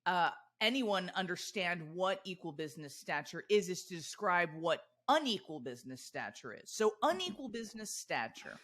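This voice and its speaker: A woman's voice: fairly low pitch, big pitch swings, normal speed, hardly any pauses, fairly bright tone. A woman co-hosting a sales podcast in casual chat, thoughtful and explaining things step by step. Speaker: podcast co-host.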